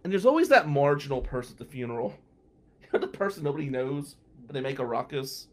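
Animated man telling a story. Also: medium pitch, fast talker. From New Jersey. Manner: animated, acts out the voices of people in his story. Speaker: podcast guest. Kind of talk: storytelling anecdote.

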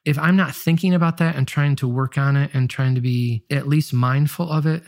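In a clean studio with no echo, this medium-pitched, darkish voice stays steady at a moderate pace. The nasal Michigan pastor-musician muses openly in the interview, doubting himself and frequently starting sentences over.

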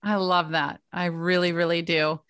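A woman's voice: on the low side, little pitch movement, normal speed, fairly bright tone, clean tone, dry recording. A woman hosting a parenting podcast, affirming her guest with enthusiasm and asking long, rambling questions. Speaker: podcast host. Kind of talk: casual podcast conversation. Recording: dry close mic, faint music behind.

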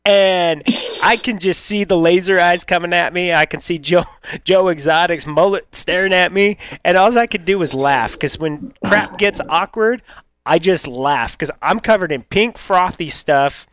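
A man co-hosting a radio show, telling a dating story in a casual, animated way and laughing often. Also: high-pitched, moderate pace, no room sound.

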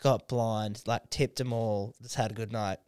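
A tipsy young Australian man with a smooth, clear voice, swearing freely and laughing his way through rambling stories. The sound is dry and close, with no room around it. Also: fairly low pitch, fairly even intonation, unhurried, darkish tone, no echo. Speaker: podcast host. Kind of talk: casual drunk chat.

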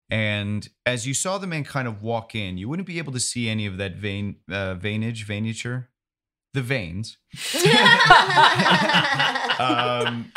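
A man's voice: fairly low pitch, a bit bright. A man running a tabletop game as game master, narrating in a casual, descriptive way with fillers.

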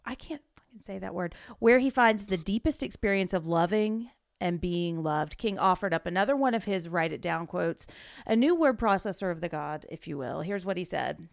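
A woman's voice: on the low side, lively intonation, normal speed, gravelly, dry recording. Giggly woman podcast co-host, dry sound. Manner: giggly, self-deprecating. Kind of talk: casual podcast chat.

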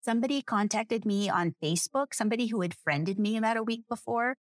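A woman's voice: a little high, fast, dry recording. A woman around sixty, a guest author, telling a personal story in an interview and acting out the voices she quotes.

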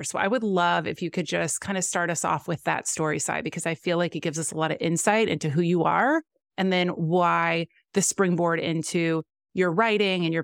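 A woman's voice: lowish voice, creaky, dry recording, studio quality. A woman hosting a podcast, upbeat and chatty as she introduces her guest and asks questions. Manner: upbeat, chatty with filler words. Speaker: podcast host. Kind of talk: interviewing a guest.

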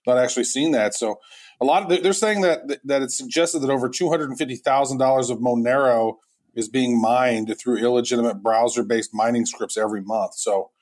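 A man's voice: mid-range voice, brisk, darkish tone. Chatty male podcast co-host. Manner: chatty, rambling, with restarts. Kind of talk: casual podcast chat.

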